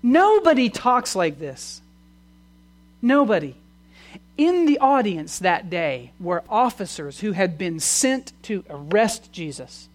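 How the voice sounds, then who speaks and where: A preacher giving a sermon, asking the listeners questions and moving between loud proclamation and quiet, conversational asides. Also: medium pitch, very animated, slow. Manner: asks the audience many questions.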